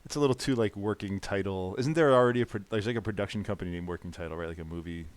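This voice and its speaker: A man's voice: lowish voice, racing, dry recording. Laid-back man, dry close sound. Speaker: co-host. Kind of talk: casual chat.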